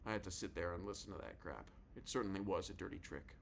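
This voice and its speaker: A man's voice: low-pitched, fast, vocal fry, hardly any pauses, slight background noise. A male narrator giving a casual, confiding first-person reading of a novel. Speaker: audiobook narrator.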